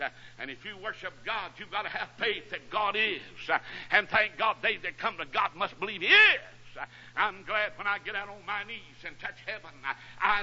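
A preacher delivers a fiery revival sermon, chopping his phrases with "uh" and building into shouts. His voice is high, very bright and husky. The whole thing sounds like a dull, lo-fi radio broadcast. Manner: punctuates phrases with "uh", rising to shouts.

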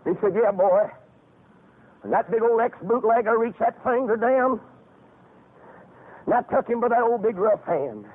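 An older preacher with a high, lively voice that climbs and swoops as he rises into fervent shouts. His tone is husky, and the narrow, phone-like sound thins it out further. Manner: fervent, rising into shouts with drawn-out phrases. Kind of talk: revival sermon with storytelling.

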